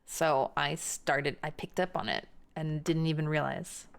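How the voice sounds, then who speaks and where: Gravelly-voiced American woman streamer. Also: low-pitched, fairly even intonation. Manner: chatty and rambling, quick laughs, frequent restarts. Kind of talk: casual live-stream chat, answering chat.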